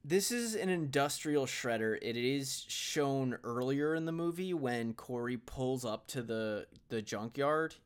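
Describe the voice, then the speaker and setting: A man's voice: mid-range voice, animated, unhurried, few pauses, clean tone. A man co-hosting a podcast, adding wry remarks and plot details in casual chat about a movie. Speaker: podcast co-host.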